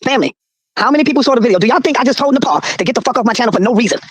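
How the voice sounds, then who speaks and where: A man hosting his livestream, arguing forcefully with his guest and turning to his viewers for backing, with swearing. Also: very high-pitched, lively intonation, rapid-fire, breathy edge. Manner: forceful, profane, addresses the audience. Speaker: channel host. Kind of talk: heated argument on a livestream.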